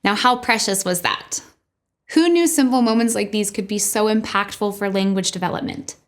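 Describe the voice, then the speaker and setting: A woman speech-language pathologist giving a scripted educational presentation in an upbeat, clear manner. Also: mid-range voice, normal speed.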